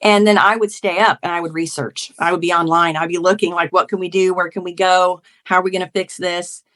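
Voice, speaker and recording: A woman's voice: lowish voice, brisk. A woman in her forties, a guest author and mother, telling her story with feeling and acting out quoted arguments. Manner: heartfelt, animated storytelling, acts out quoted arguments. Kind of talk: emotional conversational interview.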